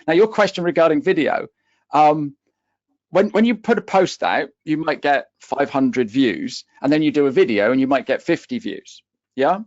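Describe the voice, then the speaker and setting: A man's voice: medium pitch, darkish tone, no room sound, muffled recording. A man with a West Country accent coaching on a webinar panel, emphatic and driving his points home with "okay?". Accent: West Country English. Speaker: LinkedIn coach for accountants.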